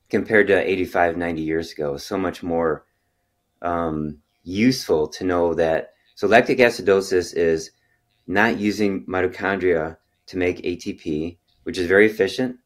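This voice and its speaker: A middle-aged man, a chiropractor hosting a health interview, explaining at length and telling stories with bursts of excitement and quiet trailing asides. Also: sits low. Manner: animated storyteller, lively when excited, trailing off into quiet asides. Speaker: chiropractor and health podcast host.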